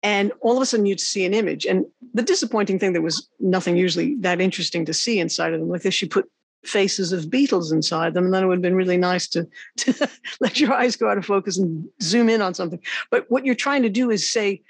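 A woman hosting an interview, a songwriter and teacher, telling animated, rambling stories in casual chat. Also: mid-range voice, fast talker, breathy edge, dry recording.

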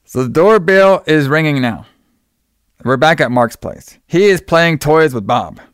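A man's voice: a little high, animated, measured pace, clean tone, no room sound, studio quality. A man casually retelling a film's plot, full of fillers and quoted lines.

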